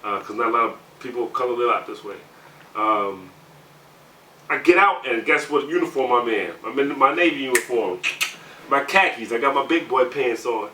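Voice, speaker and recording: Thirties man, conversational, heats up telling stories; bright timbre, recorded in a roomy space. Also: medium pitch, normal speed. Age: 30s. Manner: conversational, heated when recounting, many "you know" fillers. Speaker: navy sailor interviewee. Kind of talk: candid personal storytelling. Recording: roomy sound, mic at a distance, faint background hum.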